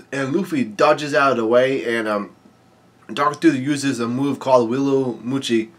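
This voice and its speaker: Man, casual manga commentary, halting speech with many fillers and restarts, mid pitch. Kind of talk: casual read-aloud commentary.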